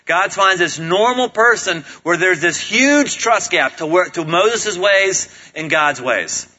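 Bright-voiced casual preacher. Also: male voice, high-pitched, lo-fi sound. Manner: casual, humorous, animated preaching. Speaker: pastor. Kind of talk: sermon.

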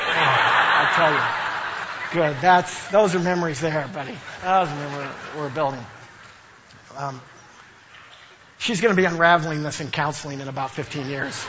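A man's voice: a little high, fairly bright tone, lo-fi sound, slight background noise. A middle-aged man preaching a sermon, telling stories and playfully imitating the people in them. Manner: storytelling with playful, exaggerated imitations. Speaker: pastor.

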